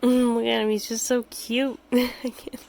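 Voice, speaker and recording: A woman's voice: on the high side, little pitch movement, unhurried, creaky, a little mellow. A woman chatting casually in a home vlog about her pets, rambling and giggling, cooing at the animals. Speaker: pet vlogger. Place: home pet room.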